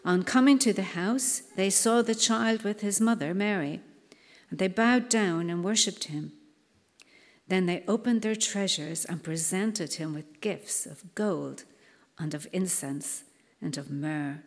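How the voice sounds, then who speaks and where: Give me a woman reading scripture slowly and solemnly, with a lowish voice and long hall reverb. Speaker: scripture reader. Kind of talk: Bible reading in church.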